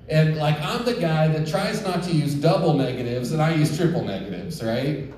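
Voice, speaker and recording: Male preacher, mellow tone, heavy church echo, heard at a distance, emphatic sermon delivery with light humor. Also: on the high side, normal speed. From rural United States. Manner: earnest, emphatic, joking asides to the congregation. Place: church sanctuary. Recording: echoey church hall, distant mic.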